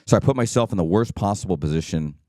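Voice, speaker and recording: Man, podcast host, casual solo talk, very low voice, dry close recording, keeps asking "right?". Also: lively intonation, quick pace, a little mellow, no echo. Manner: conversational, checks in with "right?" and "okay?".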